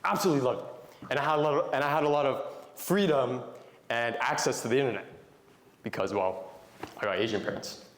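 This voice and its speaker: A man's voice: medium pitch, fairly quick. A young adult man giving a Christian talk to young men, telling stories in a conversational way and putting questions to the audience. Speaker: motivational Christian speaker. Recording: echoey room.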